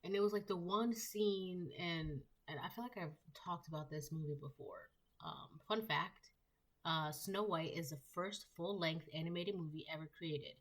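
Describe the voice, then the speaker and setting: A woman with a low voice gives a casual tarot reading. She rambles, full of fillers and restarts. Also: normal speed. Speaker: tarot reader.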